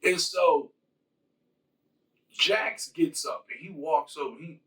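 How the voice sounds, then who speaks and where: A man's voice: fairly high pitch, slow, long pauses, pushed and bright, distant mic, poor audio. A man casually retelling a movie plot in a loose, rambling, profane way. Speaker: host.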